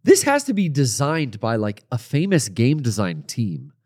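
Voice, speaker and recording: Man, co-host, casual chat, curious, asks questions, lively pitch. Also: measured pace, husky. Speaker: podcast co-host.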